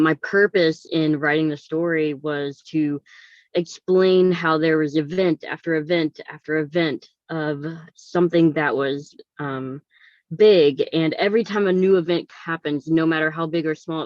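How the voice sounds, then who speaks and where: A woman's voice: low voice, fairly even intonation, a little slow, no room sound, dull audio. A woman co-author sharing her story on a video call, hesitant with many fillers and holding back tears. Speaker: book co-author.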